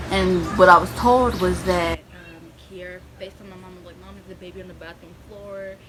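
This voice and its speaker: Young woman vlogger, casual storytime delivery, noise behind her. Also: fairly low pitch. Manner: animated retelling, quoting others in raised voices.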